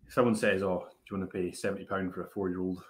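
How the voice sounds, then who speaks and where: A man's voice: sits low, little pitch movement, rapid-fire, slight background noise. Laid-back man hosting a tasting. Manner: laid-back, chatty, hesitant with many fillers. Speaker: whisky tasting host. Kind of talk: casual live-stream chat.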